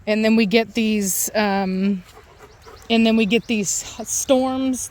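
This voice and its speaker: A woman dog breeder chatting casually outdoors in her yard, rambling and admiring as she films her dogs. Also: medium pitch. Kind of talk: casual vlog commentary.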